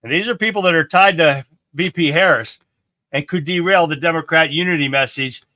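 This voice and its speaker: A man's voice: on the high side, fairly quick, sharp tone, no room sound. A man hosting a livestream, delivering a scornful, profane political rant. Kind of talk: angry commentary rant.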